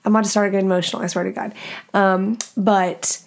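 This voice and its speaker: A woman's voice: medium pitch, level tone, fast talker. A woman in her early thirties hosting her own podcast, talking candidly and profanely in casual solo chat. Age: early 30s. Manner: candid, profane and chatty, with laughs. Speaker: podcast host.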